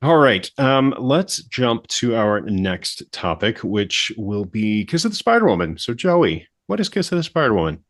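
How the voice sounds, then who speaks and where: A man's voice: on the low side, sing-song, a little slow, few pauses. A man hosting a podcast in casual chat, steering the topics with hesitant fillers. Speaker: podcast host.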